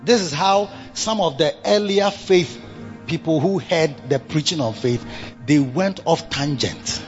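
A man preaching a sermon. He repeats himself and swings between low murmurs and loud bursts of emphasis. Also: unhurried, lo-fi sound, soft background music.

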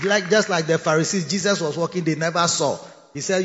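A man with a Ghanaian accent preaching a sermon, animated, laughing and rising to shouts. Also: a little high, a little fast. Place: large church hall. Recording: echoey hall, dull lo-fi sound.

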